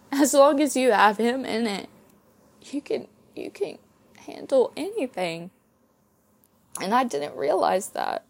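A young woman hosting her own podcast, giving a halting, heartfelt faith testimony with soft laughs while tearful from crying. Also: a little high, very animated, creaky. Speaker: podcast host.

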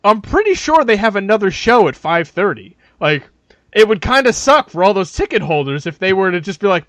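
A man with a high voice tells a story with animated energy, swearing freely and laughing mid-sentence. His voice is recorded dry and close, with no room sound. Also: fairly quick, no echo. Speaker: podcast co-host. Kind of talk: casual comedic storytelling.

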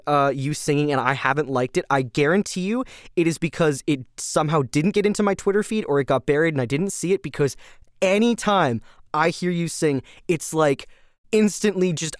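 A man hosting a casual rambling podcast, gushing and excitable, full of fillers and laughs. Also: on the high side, no room sound, clean studio sound. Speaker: podcast host.

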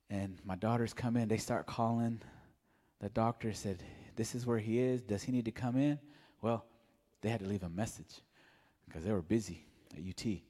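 Soft-spoken man in a reverberant hall. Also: on the low side. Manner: mellow, soft-spoken storytelling. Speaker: church member giving testimony. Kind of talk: personal testimony. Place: church sanctuary.

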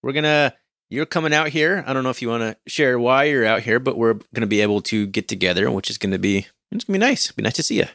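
A man's voice: mid-range voice, animated, fast, a bit bright, dry recording, studio quality. A man co-hosting a casual podcast, laid-back and rambling, chuckling often as he talks. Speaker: podcast co-host.

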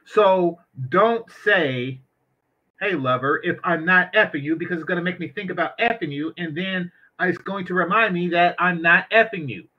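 A man's voice: high voice, moderate pace, few pauses, dull audio. A man giving blunt, crude, joking commentary on a clip in casual talk. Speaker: reaction video commentator.

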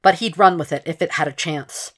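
Low-voiced woman narrator, steady measured fan fiction reading. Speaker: podfic reader.

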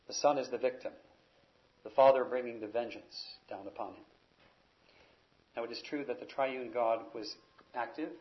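A man's voice: medium pitch, lo-fi sound. A man preaching an expository sermon, teaching emphatically and raising his voice on key words.

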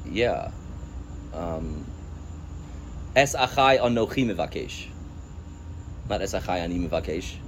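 A man leads a scripture study class with a lively, swooping delivery. He is emphatic, breaks into quoted verses, and laughs at his own points. A faint hum of room tone sits underneath. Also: low-pitched, unhurried, long pauses. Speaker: religious studies teacher. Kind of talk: text-study lecture with a class.

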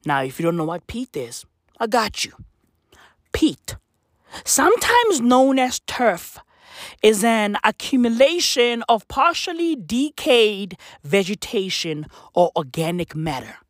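A man from Africa rants in a comedic monologue, swearing freely and leaning on slang. His voice sits fairly high and swings widely in pitch, and he takes his time. The recording is dry and close. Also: sing-song, takes it slowly, fairly bright tone, no room sound. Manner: profane, slang-heavy, emphatic, mocking. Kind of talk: comedic rant to camera.

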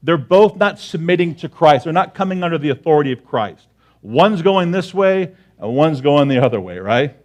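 A man's voice: a little high, animated, moderate pace, darkish tone. A man preaching a sermon to his congregation in a conversational way, often checking in with "right?" and repeating key phrases for emphasis. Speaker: pastor.

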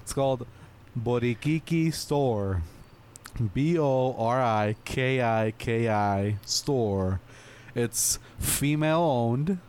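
A man's voice: medium pitch, takes it slowly, darkish tone, a little hiss or hum. A young man co-hosting a casual podcast, laid-back and swearing casually. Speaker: podcast co-host. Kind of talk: casual chat.

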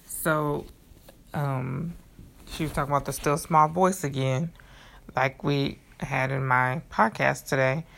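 A woman podcast host reading a devotional book aloud in an earnest, measured way, then adding her own comments. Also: a bass voice, steady tone, vocal fry, fairly bright tone.

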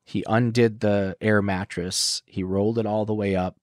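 A man in his thirties, a podcast guest, telling a story in casual chat, swearing often and acting out quotes loudly. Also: on the low side, steady tone, normal speed, dry recording, clean studio sound.

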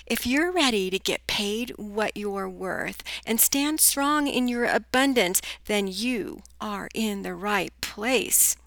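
A woman's voice: mid-range voice, slow pace, creaky, hardly any pauses, fairly bright tone, no room sound. A middle-aged woman hosting a business podcast, reading a scripted intro in an upbeat sing-song way before starting an interview. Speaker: podcast host and business coach.

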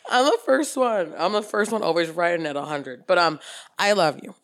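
Bubbly woman chatting with a lively lilt. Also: lowish voice, normal speed, no echo, studio quality. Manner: bubbly, laughs often, teasing. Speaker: podcast co-host. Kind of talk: casual chat.

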